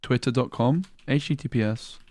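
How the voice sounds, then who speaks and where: A man's voice: mid-range voice, normal speed, darkish tone, no room sound. A man hosting a livestream, chatting casually and joking with slang. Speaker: stream host.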